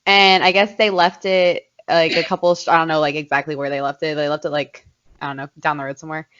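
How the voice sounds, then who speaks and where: A woman's voice: deep voice, level tone, quick pace, fairly bright tone. A young woman co-hosting a podcast, telling a story in casual, profane chat and laughing often. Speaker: podcast co-host. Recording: dull lo-fi podcast audio.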